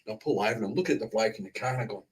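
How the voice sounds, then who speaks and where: A man's voice: on the low side, racing. An Australian man, a guest on a livestream, telling a chatty story with laughs and acted-out quotes. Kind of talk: casual chat on a livestream.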